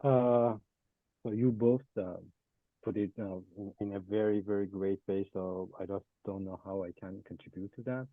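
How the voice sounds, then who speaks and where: A man's voice: on the low side, fairly even intonation, normal speed, no room sound. Hesitant man on a tinny, phone-like line. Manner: hesitant, many fillers and restarts. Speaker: guest. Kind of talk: academic discussion.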